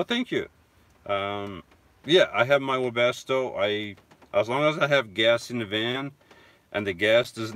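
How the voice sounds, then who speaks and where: A man's voice: medium pitch, a bit bright, dry recording. A man casually chatting on a live stream from inside his van, reading viewer comments and answering in a rambling, self-correcting way with chuckling asides. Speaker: vlogger reading live chat.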